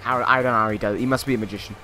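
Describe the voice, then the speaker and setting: A man's voice: medium pitch, steady tone, racing, pushed and bright, faint music behind. A man giving casual, joking play-by-play commentary on a wrestling video game, slipping into mock announcer phrasing.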